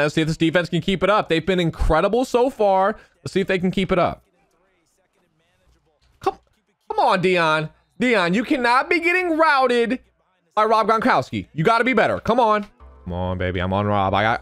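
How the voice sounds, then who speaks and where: Young man, excitable gameplay commentary, repeats himself, voice cracking, game music behind. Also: high voice, no echo. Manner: excitable, talks to viewers, repeats phrases. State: voice cracking, losing his voice. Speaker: gaming YouTuber.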